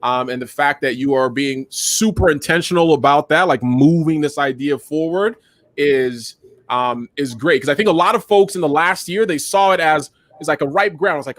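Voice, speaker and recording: A man's voice: fairly high pitch, moderate pace, no echo. Upbeat male talk show host. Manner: enthusiastic, animated, many fillers. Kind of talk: live show conversation.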